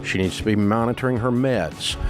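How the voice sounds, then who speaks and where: A man's voice: fairly low pitch, fairly quick, over music. A man hosting a call-in advice show in a radio studio, giving blunt, directive advice with folksy, rambling asides.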